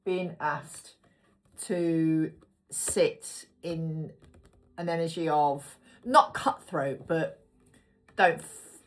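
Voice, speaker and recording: Low-voiced chatty woman reading tarot. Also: extremely slow, long pauses. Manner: chatty, rambling asides, talks to herself while picking cards. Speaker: tarot reader. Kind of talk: casual tarot reading to viewers.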